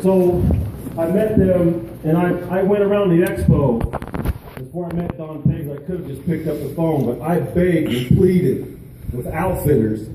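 A man, a veteran and peer mentor, giving an emotional speech at an outdoor charity event, halting with pauses and fillers. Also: fairly high pitch, very echoey, distant mic, background noise.

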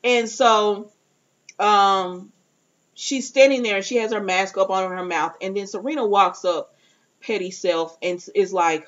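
A chatty woman retelling a TV episode in a loose, rambling way, slipping into the characters' lines as she goes. Her voice sits at a middle pitch. The recording sounds a little dull and lo-fi. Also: normal speed. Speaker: TV recap reviewer. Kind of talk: casual episode recap.

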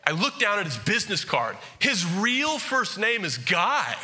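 A man's voice: high-pitched, a little slow, very noisy. A male pastor preaching in church, telling a comic story and acting out the people in it. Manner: animated, jokey, acts out quoted voices. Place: church sanctuary.

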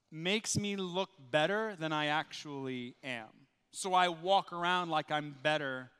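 A man with a high, bright, forceful voice delivers a sermon, throwing himself into the story and voicing the people in it. His words carry through a large church hall with a long, ringing reverb. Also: smooth. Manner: animated storytelling, voices quoted characters. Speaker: pastor. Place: church sanctuary.

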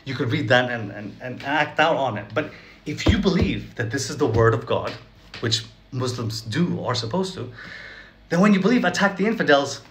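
A man's voice: mid-range voice, animated, normal speed, a bit bright, slight background noise. A man talking casually to camera in a sarcastic, chatty way, often laughing and asking "right?" between points. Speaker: vlogger. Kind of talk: casual direct-to-camera commentary.

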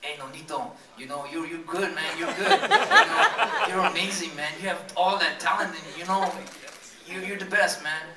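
A man doing an impression of his boxing coach, loudly hyping up his fighter. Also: sits high, very animated, normal speed, pitched above the performer's own voice. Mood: hyped up. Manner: loud, pumped-up praise. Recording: roomy and noisy from far off.

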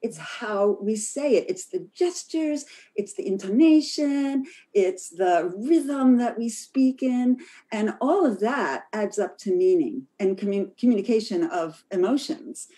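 A woman's voice: mid-range voice, lively intonation, measured pace, mellow. A woman co-leading an online workshop, explaining how emotions come across in speech. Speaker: workshop co-facilitator. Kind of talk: explaining in a video call workshop. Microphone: video call.

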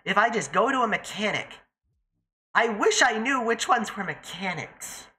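Bright, chatty, swearing game streamer. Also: medium pitch, lively intonation, moderate pace. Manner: chatty, profane, talks to self and chat. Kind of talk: casual live-stream gameplay commentary.

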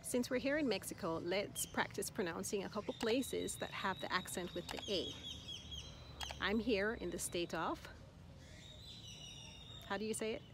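A woman teaching a language lesson at an unhurried pace, sounding encouraging and patient. She repeats each word slowly and distinctly so the listener can follow. Noticeable background noise runs under her voice from an outdoor spot. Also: medium pitch. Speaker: Spanish teacher. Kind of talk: slow, clear language lesson. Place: outdoors in Mexico.

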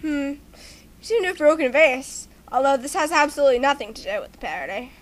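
Teasing high-pitched woman fan dubber. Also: lively intonation, quick pace. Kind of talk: comedic parody dub.

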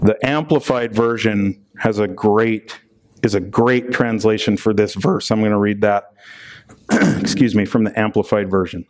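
Conversational pastor with a joking streak. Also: male voice, lowish voice, unhurried. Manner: conversational, often tags lines with "right?"; playful, jokes between scripture readings. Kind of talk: sermon.

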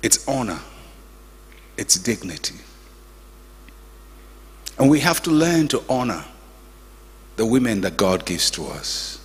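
An older pastor preaching a sermon in a church, with emphatic, repetitive exhortation and humorous asides. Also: male voice, on the low side, sing-song, slow pace, pauses often, slightly rough. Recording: echoey church hall.

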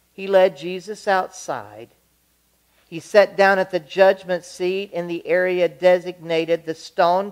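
A reader at a church service, reading scripture in a measured, steady way. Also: medium pitch.

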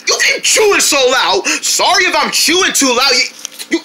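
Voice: sits high, moderate pace, a little hiss or hum, voice pushed up, full character voice. Someone doing hyper cake-loving buddies. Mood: silly. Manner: silly, excitable, slangy.

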